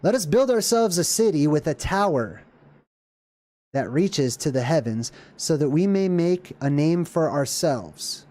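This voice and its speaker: A man hosting a casual talk video, reading a passage aloud and breaking off into rambling, excited asides. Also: a little high, unhurried, no room sound. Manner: rambling, animated asides with laughs and restarts. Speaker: video host. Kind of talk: casual lecture reading and commenting on scripture.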